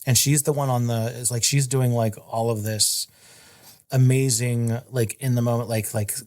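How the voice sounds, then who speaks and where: Man, podcast co-host, casual chat, trivia reader, filler-heavy riffing, mid pitch. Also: steady tone, normal speed, a little mellow. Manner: reads film trivia, then riffs with many "like" fillers.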